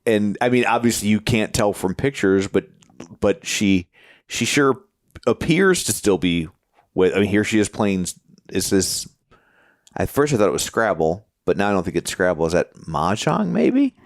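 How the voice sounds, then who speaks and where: A man in his fifties co-hosts a podcast in loose, joking banter. His pitch swings widely as he cracks wisecracks. The recording is dry and close. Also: sing-song, normal speed, no echo. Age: 50s. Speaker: podcast co-host. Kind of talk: casual chat.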